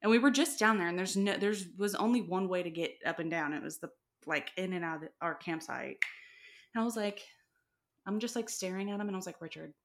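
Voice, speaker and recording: Brisk and medium-pitched, this podcast co-host is a woman who chats casually and tells animated stories. She laughs a lot and acts out the lines she quotes.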